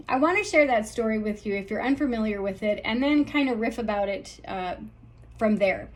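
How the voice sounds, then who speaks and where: A woman hosting a podcast, telling a story in a lively, animated way and acting out the characters' reactions. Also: fairly high pitch. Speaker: podcast host.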